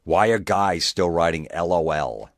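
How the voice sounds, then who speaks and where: A man's voice: sits low, lively intonation, measured pace, no room sound, clean studio sound. A man hosting a podcast, ranting in a profane, sarcastic way and mocking people in put-on voices. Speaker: podcast host. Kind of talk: comedic rant.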